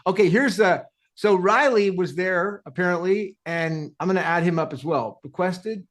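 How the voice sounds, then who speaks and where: A man with a high-pitched voice hosts a live audio chat at a moderate pace. He keeps things loose and jokey, laughing often and calling people "dude" a lot.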